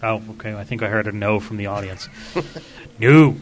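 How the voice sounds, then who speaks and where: A man's voice: lowish voice, moderate pace. A man hosting a casual live stream, chatting over gameplay, reading out viewer comments and laughing often. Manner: rambling, laughs often, reads chat aloud. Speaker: stream host.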